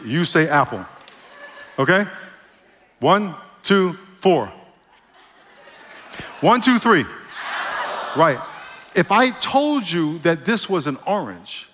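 A man's voice: on the high side, a bit bright, slight background noise. A man preaching a sermon as pastor, joking with the congregation and getting them to call back answers. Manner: playful, jokes with the congregation, call and response. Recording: long hall reverb.

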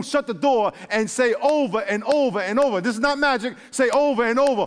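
A man with a high voice preaches to his congregation in a church. He's animated and jokey, acting out little voices and talking to the crowd as y'all. A long reverb trails his voice through the hall. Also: a little fast, hardly any pauses. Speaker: pastor. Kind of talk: sermon.

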